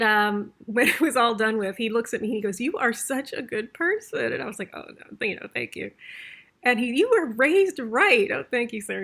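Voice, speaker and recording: A woman's voice: fairly high pitch, gravelly, pushed and bright. A woman vlogger telling a story in a chatty, rambling way, with many fillers and little laughs. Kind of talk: casual storytelling.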